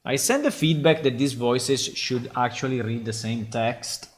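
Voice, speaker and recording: A game developer streams his work casually, thinking aloud in a hesitant way with many fillers and tag questions. His voice is mid-range and a little slow.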